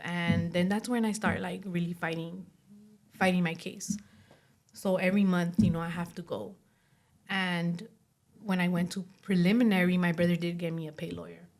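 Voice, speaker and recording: A woman's voice: lowish voice, a little mellow. A woman in her late twenties, a podcast guest, telling her story casually with lots of "like" and acted-out quotes. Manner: chatty, fills speech with "like", acts out quoted dialogue.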